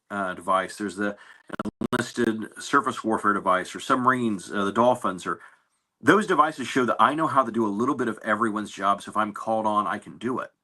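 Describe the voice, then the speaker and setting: A man in an interview, telling stories about his navy service in a relaxed, anecdotal way with fillers and restarts. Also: lowish voice. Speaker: navy veteran guest. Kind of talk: casual interview storytelling.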